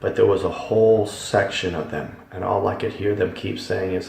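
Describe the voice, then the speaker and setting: A man's voice: sits low, steady tone, moderate pace, creaky, a little mellow. A man giving a religious testimony, telling his story in an emphatic, repetitive, dramatic way. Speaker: testimony speaker. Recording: echoey room, voice from far off.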